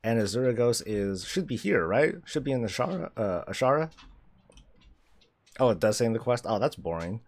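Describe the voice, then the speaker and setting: A male streamer chatting casually while playing a game, animated, swearing freely and laughing often. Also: medium pitch, a little fast. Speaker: streamer host. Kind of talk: casual gameplay commentary.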